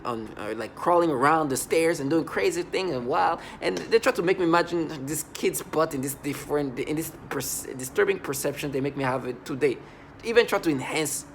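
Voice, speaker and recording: Gravelly man with a halting, agitated delivery. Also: on the high side, slight background noise. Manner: halting, with frequent restarts and broken-off words; earnest and agitated. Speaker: vlogger. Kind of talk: personal video monologue.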